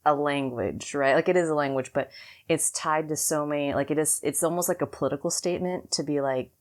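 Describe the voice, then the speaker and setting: A woman's voice: deep voice, fairly quick. A young woman from California, co-hosting a podcast and telling a long story in a rambling, casual way full of fillers. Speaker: podcast co-host. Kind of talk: casual chat.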